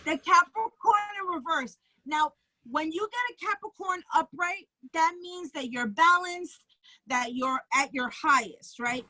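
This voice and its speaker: High-voiced Bronx woman reading tarot. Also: measured pace, sharp tone, no room sound, low-quality recording. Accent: New York (Bronx). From the Bronx, New York. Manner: casual and blunt, keeps checking in with "okay?", swears freely. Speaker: psychic tarot reader. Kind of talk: tarot reading on a live stream.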